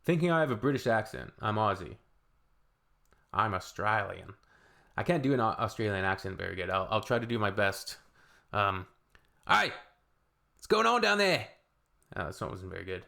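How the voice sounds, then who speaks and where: Man from canada, gravelly voice, low-pitched, rambling reaction commentary, halting restarts, blunt asides. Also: pushed and bright. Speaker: reaction video creator.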